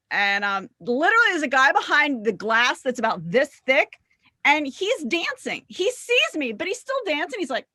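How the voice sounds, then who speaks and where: Animated high-voiced woman telling road stories. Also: no echo, studio quality. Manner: animated, acts out quotes, swears freely. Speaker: singer in a rock duo, podcast guest. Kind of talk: casual storytelling. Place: podcast recording.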